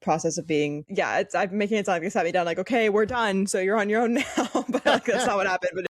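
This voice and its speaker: A woman's voice: mid-range voice, quick pace, dry recording, studio quality. A young woman in college, co-hosting a podcast in casual chat and talking in an emphatic, fired-up way. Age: young adult. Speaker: podcast co-host.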